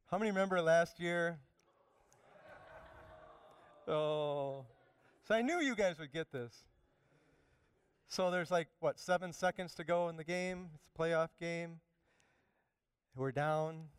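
A man preaching a sermon, animated, swinging from loud emphatic bursts down to quiet asides. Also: a little high, smooth, dry recording. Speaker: pastor.

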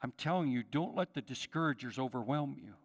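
A man's voice: mid-range voice, animated, fairly quick. A man preaching a sermon to his congregation, calling out to them and acting out the voices in the story. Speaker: pastor. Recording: long hall reverb.

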